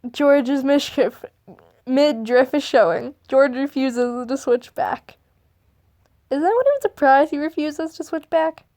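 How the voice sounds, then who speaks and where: A woman with a high-pitched voice reads fan memes aloud, cutting in with sarcastic asides. She laughs often and swears freely. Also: animated, measured pace, a little mellow.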